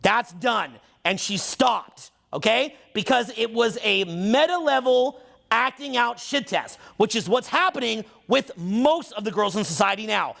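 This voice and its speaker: A man's voice: sits high, animated, gravelly, fairly bright tone. A man, a social skills coach, in a heated, profane, emphatic monologue that keeps picking up speed. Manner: talks fast, gets on a roll. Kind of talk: unscripted ranting monologue.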